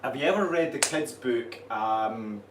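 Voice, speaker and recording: A man's voice: mid-range voice, a little slow. A Scottish man who coaches fitness and co-hosts a live stream, chatting casually and joking with his co-host. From Scotland. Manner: relaxed, joking, laughs often. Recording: echoey room, mic at a distance, faint noise.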